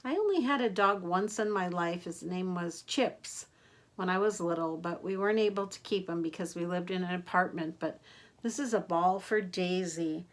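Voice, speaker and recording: An older woman, a grandmother, reading picture books aloud to children in a gentle, expressive way, gasping and asking them questions. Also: on the low side, normal speed. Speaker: grandmother storyteller.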